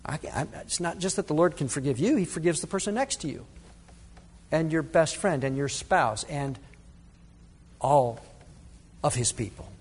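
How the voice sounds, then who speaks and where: A man preaching a sermon as pastor, earnest, with dramatic pauses and quoted prayers. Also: fairly high pitch, lively intonation, husky. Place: church sanctuary. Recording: long reverb of a church hall.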